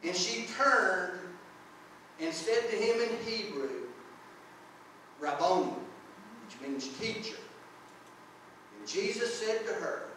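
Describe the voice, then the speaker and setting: A man preaching a sermon as pastor, earnest and unhurried, breaking into short prayers and reading scripture aloud. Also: a little high, a bit bright, a little hiss or hum. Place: church sanctuary. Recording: echoey church from far off.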